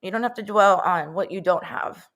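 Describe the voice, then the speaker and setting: A woman's voice: medium pitch, normal speed, fairly bright tone. Woman host, casual and chatty, affirming tone. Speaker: show host. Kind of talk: conversational interview.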